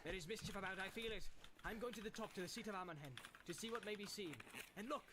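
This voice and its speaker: A man's voice: sits high, quick pace, noisy background, voice pushed up, close to an everyday voice. A man voicing a stern male ranger who leads the company with urgent commands. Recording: music playing underneath.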